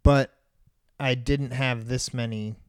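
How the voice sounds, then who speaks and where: A man's voice: mid-range voice, fairly even intonation, takes it slowly, clean tone, dry recording, clean studio sound. A man in his thirties co-hosting a casual chat, talking in a blunt and opinionated way and laughing easily. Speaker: podcast co-host.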